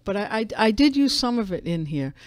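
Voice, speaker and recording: Animated woman storyteller. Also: medium pitch, a little fast, no room sound. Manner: animated storyteller, frequent restarts and laughs. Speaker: newspaper editor and publisher, guest. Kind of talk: casual radio interview chat.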